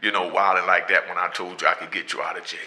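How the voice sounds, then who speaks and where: A man voicing a stubborn, defiant Italian inmate near seventy, gruff and gravelly. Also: low-pitched, level tone, quick pace, sharp tone, voice pushed down. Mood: scolding.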